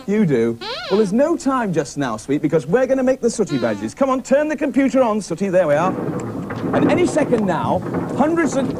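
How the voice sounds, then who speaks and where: Excitable man hosting a kids' show. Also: high-pitched. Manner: excitable, chatty, talks to puppets. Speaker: host of a children's puppet show. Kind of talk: children's TV presenting.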